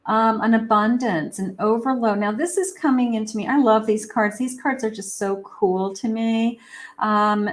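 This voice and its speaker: A woman's voice: a little high, steady tone, normal speed. A woman, a psychic, giving a rambling, casual tarot reading with many fillers. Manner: acts out lovers' quoted lines.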